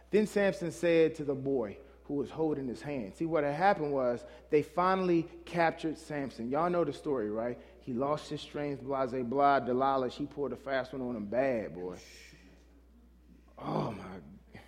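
A man's voice: mid-range voice, a little mellow. A male pastor preaching a sermon in a loose, conversational way, often calling out questions to the congregation. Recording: long hall reverb.

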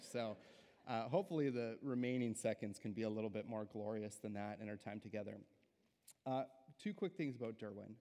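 A man's voice: on the low side, vocal fry, a little mellow. A young adult man giving a guest sermon in a church, casual and self-deprecating, with plenty of filler words. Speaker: guest preacher. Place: church sanctuary. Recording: church hall with long reverb.

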